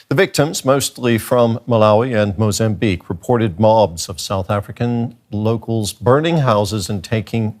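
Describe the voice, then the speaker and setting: A man reading the news formally as an anchor. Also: fairly low pitch.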